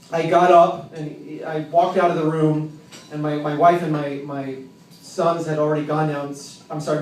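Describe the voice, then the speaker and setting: A man telling a personal story live at an open mic in a tavern, with a wry, self-mocking, halting delivery. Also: a little high, darkish tone. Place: tavern with an audience. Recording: roomy, distant, faint background noise.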